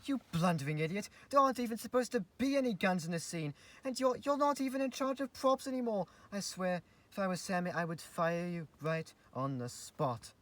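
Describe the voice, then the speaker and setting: A man's voice: lowish voice, fairly quick, close to an everyday voice. A man playing a prim, formal male assistant who stammers politely and snaps when exasperated.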